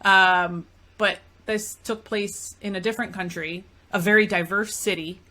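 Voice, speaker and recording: A woman from Greece hosts a relaxed podcast conversation, her voice bright and forward at an average pitch. She tells stories freely and leans on "like" and "you know" as she talks. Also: measured pace. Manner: chatty storyteller, fillers like "like" and "you know". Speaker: podcast host and matchmaker. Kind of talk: casual podcast chat.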